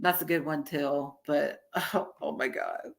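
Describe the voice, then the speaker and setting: A woman's voice: low-pitched, huge pitch swings, a little slow, gravelly. A woman in her early thirties chatting casually on a stream, swearing freely and laughing often. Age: early 30s. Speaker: streamer reacting to a video. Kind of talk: casual live-stream chat.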